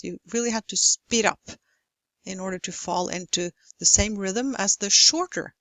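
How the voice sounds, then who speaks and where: Dry, deliberate woman lecturing on speech rhythm. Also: medium pitch, pushed and bright, no echo, rough recording. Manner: slow, deliberate demonstrations of stress and rhythm. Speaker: English pronunciation lecturer. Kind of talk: university lecture.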